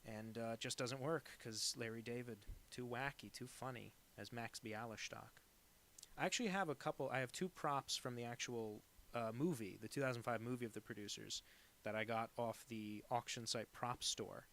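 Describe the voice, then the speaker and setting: A man's voice: mid-range voice, normal speed, fairly bright tone. A man streaming live as he draws requests, chatting casually and rambling from one aside to the next, often poking fun at himself. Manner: rambling and digressive, with many fillers; self-deprecating. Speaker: cartoonist drawing viewer requests on a live stream.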